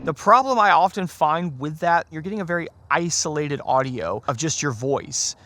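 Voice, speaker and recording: A man's voice: fairly high pitch, animated, normal speed, bright, forceful tone, no room sound. A man hosting a casual motorcycle gear vlog, chatty and self-deprecating with lots of fillers, sometimes testing mics on his bike. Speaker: motovlog host. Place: on a motorcycle outdoors in rain and traffic. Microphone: helmet mic and small clip-on wireless mic. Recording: noisy outdoor ride audio. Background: wind and road noise.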